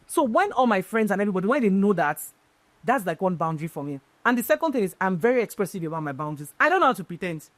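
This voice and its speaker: A woman's voice: mid-range voice, racing, no echo. Emphatic woman guest. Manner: emphatic, animated storytelling. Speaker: event planner guest. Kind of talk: casual interview chat.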